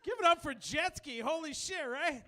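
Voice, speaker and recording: A man in his thirties doing a stand-up comedy set on a club stage, loud, brash and profane, laughing at his own jokes. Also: very high-pitched, moderate pace.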